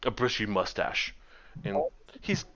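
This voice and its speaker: A man's voice: fairly low pitch, expressive, a little slow, vocal fry, a bit bright, lo-fi sound. A man narrating as game master of a tabletop game, rambling with many ums and restarts.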